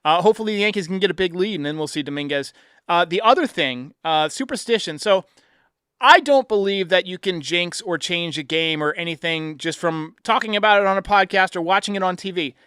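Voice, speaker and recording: A man hosting a casual sports podcast, telling stories in an excitable, animated way. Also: high voice, fairly quick, smooth, dry recording, studio quality. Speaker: podcast host.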